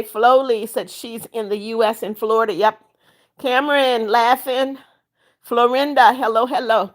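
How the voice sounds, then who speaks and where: A woman's voice: a little high, a bit bright. A woman hosting a casual live stream from home, reading viewer comments aloud, greeting each viewer by name and coaxing them to like and subscribe. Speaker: livestream host.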